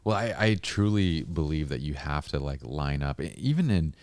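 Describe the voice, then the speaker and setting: A man with an extremely low voice hosts a casual podcast chat, relaxed and slangy. The mic is close and dry, with no room sound. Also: normal speed, no echo. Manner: relaxed, slangy, says "dude". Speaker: podcast host.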